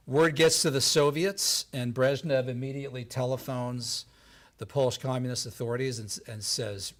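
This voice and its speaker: A man giving a lively storytelling talk on history before an audience, acting out the voices of the people he quotes. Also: mid-range voice, normal speed. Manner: animated, acts out quoted voices. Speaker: lecturer. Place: event hall before an audience.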